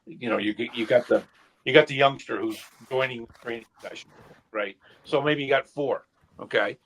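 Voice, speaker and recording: A middle-aged man on a casual podcast, speaking in halting bursts with many restarts. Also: mid-range voice, fairly bright tone, slight background noise, low-quality recording. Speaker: podcast co-host, goalkeeper coach. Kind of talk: casual round-table chat.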